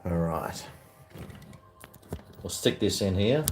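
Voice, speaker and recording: A man's voice: fairly low pitch, animated, a little slow, pauses often, reverberant, recorded from a distance, noisy background. A man with an Australian accent, chatting bluntly and rambling while he cooks in his home kitchen, swearing freely. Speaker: cooking vlogger. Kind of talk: casual talk to camera while cooking.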